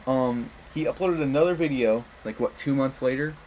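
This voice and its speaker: A man's voice: mid-range voice, normal speed, darkish tone, slight background noise, poor audio. A young man co-hosting a casual podcast, telling stories with a laugh and acting out quotes. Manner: laughs often, storytelling with put-on quotes. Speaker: podcast co-host. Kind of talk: casual chat.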